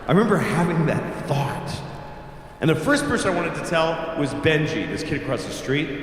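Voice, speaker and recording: A man's voice: fairly high pitch, animated, normal speed, slight background noise. A man in his late forties doing stand-up, telling a blunt, profane childhood story in a conversational way to a live room. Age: late 40s. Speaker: stand-up comedian. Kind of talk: stand-up comedy. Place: live comedy theater. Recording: echoey hall with faint ambience.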